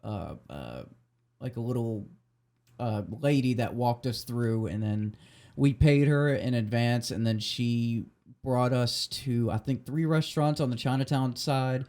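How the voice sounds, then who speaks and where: A man's voice: mid-range voice, measured pace, a little mellow. A drunk man telling a story as a podcast host, rambling, swearing and restarting often.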